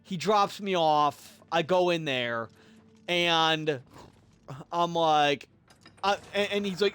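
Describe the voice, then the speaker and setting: A man's voice: fairly high pitch, takes it slowly, pauses often, smooth. A man telling a story casually on a live game stream, exasperated and profane, muttering to himself as he plays. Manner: profane, exasperated, animated retelling.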